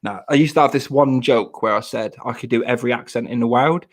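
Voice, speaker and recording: A man's voice: mid-range voice, fast. A man from Plymouth with a broad Janner accent, rambling and joking in casual livestream chat. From Plymouth, England. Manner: rambling, jokey, self-mocking. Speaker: livestream host.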